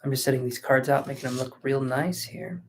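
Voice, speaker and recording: A man's voice: mid-range voice, level tone, brisk, vocal fry, slight background noise. A man giving a live-streamed tarot reading, chatting casually and thinking aloud with fillers, sleepy and yawning. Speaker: tarot reader.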